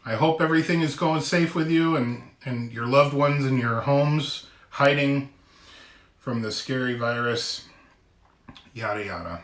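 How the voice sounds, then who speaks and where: A man casually tasting and reviewing a microwave meal on his own channel, chatty and given to loud exclamations. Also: medium pitch, measured pace, roomy sound. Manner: chatty, exclaims loudly at hot bites. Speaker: food vlogger. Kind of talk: casual food review vlog.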